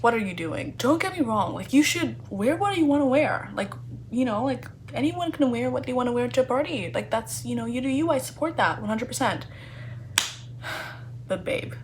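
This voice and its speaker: A woman chatting casually in a book review vlog, animated and playfully sarcastic, with lots of fillers. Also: on the high side, brisk, a little hiss or hum.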